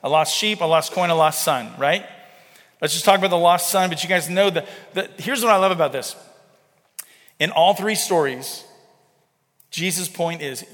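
A man's voice: on the high side, fairly bright tone. A man in his thirties preaching a sermon, conversational and often checking in with the congregation. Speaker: pastor. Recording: reverberant hall.

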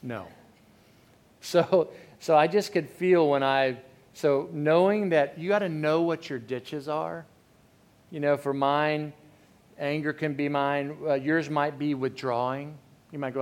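A man's voice: on the high side, steady tone, measured pace. A middle-aged man preaching a sermon in a candid, conversational way, often restarting his sentences. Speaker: pastor.

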